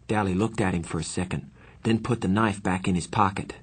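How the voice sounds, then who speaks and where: Low, husky male audiobook narrator. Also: steady tone, fairly quick. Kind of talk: first-person novel narration.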